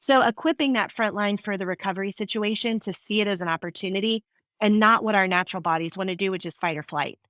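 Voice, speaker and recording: A woman's voice: medium pitch, quick pace, no echo. A woman guest on a podcast interview, telling stories animatedly and acting out the people she quotes. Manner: animated storyteller, acts out quoted voices. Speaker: guest speaker.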